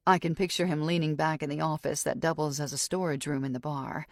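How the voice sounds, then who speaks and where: Low-voiced woman narrating an audiobook. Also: fairly even intonation, moderate pace, few pauses, darkish tone, no room sound, studio quality. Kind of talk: first-person audiobook narration.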